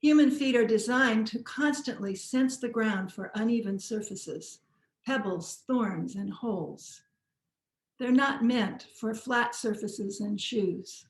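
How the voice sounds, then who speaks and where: A woman teaching posture and balance, giving calm, encouraging step-by-step movement cues. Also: a little high, echoey room. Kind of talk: guided movement instruction.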